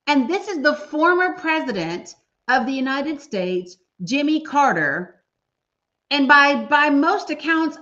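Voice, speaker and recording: A woman's voice: high voice, a bit bright. A woman hosting a casual livestream, talking emphatically and directly to her viewers. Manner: emphatic, talks straight to viewers. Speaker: livestream host. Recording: dull lo-fi stream audio.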